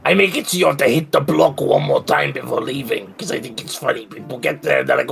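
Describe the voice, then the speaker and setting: A man's voice: mid-range voice, a little fast, gravelly, hardly any pauses, a bit bright, faint music behind. A man co-hosting a game stream, chatting casually with joking, profane, rambling riffs. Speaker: stream co-host. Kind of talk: casual chat while gaming.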